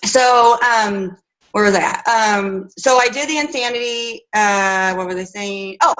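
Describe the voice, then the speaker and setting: A woman's voice: mid-range voice, a little slow, fairly bright tone, rough recording. A woman in her thirties, a fitness coach, telling her personal story at home in a chatty, rambling way with many fillers and restarts.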